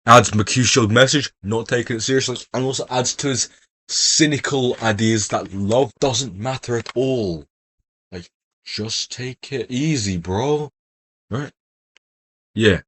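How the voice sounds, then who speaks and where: A man's voice: mid-range voice, a little slow, fairly bright tone, husky. A young man giving casual, jokey exam revision talk, rambling and swearing freely. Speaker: revision video host.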